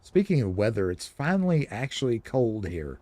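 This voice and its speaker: A man's voice: mid-range voice, very animated, normal speed, mellow, no echo. A man giving casual, rambling commentary while streaming a video game. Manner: chatty, rambling, explanatory. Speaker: gaming streamer.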